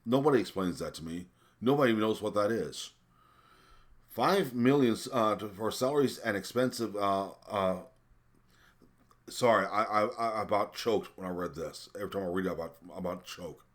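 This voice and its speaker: An indignant man with a very low voice rants through a list of spending figures. He swears, trips over his words and leans on fillers as his anger builds. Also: moderate pace. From American. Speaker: vlogger. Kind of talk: ranting commentary.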